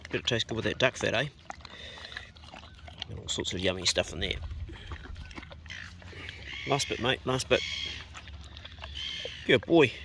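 A man's voice: lowish voice, a little slow, pauses often, noisy background. A man with a New Zealand accent chatting casually outdoors for his homesteading vlog and talking fondly to his dog. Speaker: homesteading vlogger. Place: outdoors on a beach.

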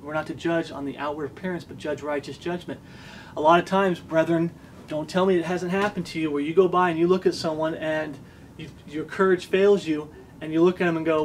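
A man preaching an earnest sermon in a slightly high voice. He hammers home his points by saying them again, and a faint hum of noise runs behind him. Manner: earnest, emphatic, repeats lines for stress.

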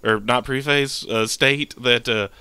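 A man with a bright, forward voice chats on a podcast, clean and crisp in tone. He tells a long story in a lively way, acting out the quoted lines, and the close mic sounds dry with no room around it. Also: mid-range voice, unhurried, no echo. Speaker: podcast co-host. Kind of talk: casual podcast chat, telling a dream.

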